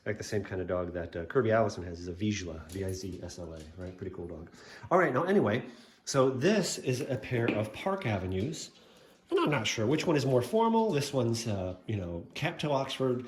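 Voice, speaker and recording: A man's voice: fairly low pitch, very animated, fairly quick, reverberant. A man chatting casually about his shoe collection, rambling with lots of fillers and asides. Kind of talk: casual show-and-tell vlog.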